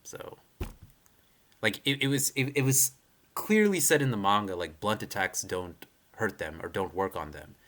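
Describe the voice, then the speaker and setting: Reacting live to a manga chapter, a young man rambles through a casual rant, cursing, voicing strong opinions, restarting often, and leaning heavily on "like" and "you know." He speaks at a moderate pace in a lowish, slightly bright voice with lively intonation.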